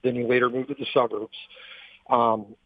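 A man's voice: medium pitch, little pitch movement, dry recording. Man in his thirties on a tinny phone line. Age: 30s. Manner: halting, emotional, many restarts. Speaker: caller. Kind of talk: call-in radio story.

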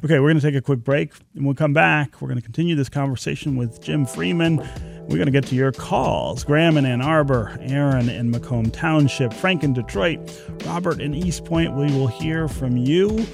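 A man's voice: a little high, creaky, over music. A man hosting a public radio call-in show, introducing his guest and taking callers. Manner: brisk, announces phone number and callers. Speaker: radio talk show host.

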